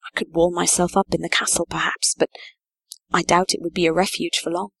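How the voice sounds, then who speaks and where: Woman reading as a worn-out medieval sheriff, storybook villain, quiet and grave, lowish voice, dry close sound. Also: flat delivery, a little fast, creaky, slightly rough, no room sound. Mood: grim. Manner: tired, quiet, heavy-hearted. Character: weary grim medieval sheriff, man, middle-aged.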